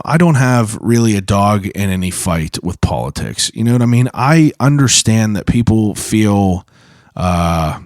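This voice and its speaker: A man's voice: lowish voice, a little mellow, dry recording, clean studio sound. A man hosting his own podcast solo, talking in a casual, profane, rambling way full of fillers. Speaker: podcast host.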